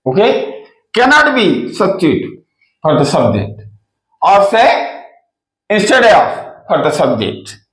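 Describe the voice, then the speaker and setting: A man's voice: high voice, wildly swooping pitch, slow, long pauses. A man teaching grammar, who repeats key phrases and answers his own questions. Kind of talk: slow explanatory lesson. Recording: echoey room.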